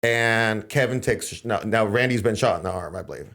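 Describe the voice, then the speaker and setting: A man hosting a podcast, telling events in a casual, animated way and acting out quotes in a raised voice. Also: fairly low pitch, normal speed, vocal fry. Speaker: podcast host. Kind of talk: casual conversational storytelling.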